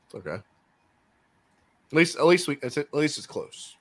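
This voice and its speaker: A man hosting a casual podcast, giving his football picks and swinging between loud remarks and muttered asides. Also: fairly high pitch, big pitch swings, a little slow, husky. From Miami Dolphins fan. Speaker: podcast host. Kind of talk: casual sports picks chat.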